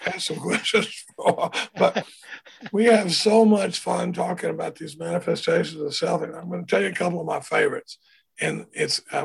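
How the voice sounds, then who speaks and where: A man with a gravelly, husky voice that sits fairly high for a man. He tells stories casually and acts out the people he quotes. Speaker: recovery speaker. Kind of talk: conversational storytelling.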